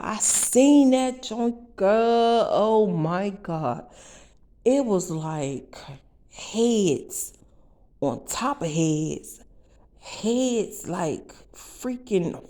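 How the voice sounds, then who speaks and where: A woman with a mid-range voice tells a wild first-person story for her vlog. She's brash and profane, breaking into loud bursts and throwing asides to her viewers.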